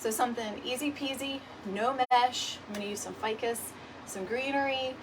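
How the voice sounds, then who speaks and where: A woman's voice: fairly high pitch, moderate pace. A woman hosting a casual craft livestream from home, a little out of breath, chatty and greeting viewers by name. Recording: distant mic with clear background noise. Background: dog barking.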